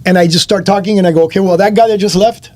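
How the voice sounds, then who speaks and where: A man hosting a casual chat, telling an animated story and acting out the other people's voices. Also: high voice, racing. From Miami area. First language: not Spanish first; speaks English and Spanish. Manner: animated, acts out voices in his stories. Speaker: host.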